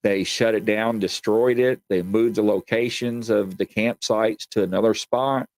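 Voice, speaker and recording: A man from Kentucky tells meandering, folksy stories to his audience as host of a paranormal talk show. He speaks unhurriedly in a fairly low, darkish voice with fairly even intonation, and there's no room sound.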